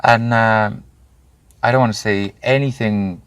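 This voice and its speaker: A man, telling his own story candidly in an interview, animated and swearing freely. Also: fairly low pitch, a little slow, smooth. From Wales. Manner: animated, swears freely, acts out quoted voices. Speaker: guest.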